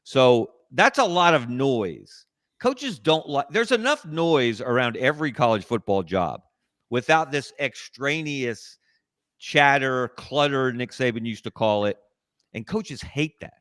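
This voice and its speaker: A man guesting on a sports talk show, making measured, analytical points over a video call in a casual discussion. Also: mid-range voice, lively intonation, fairly bright tone, no echo, studio quality.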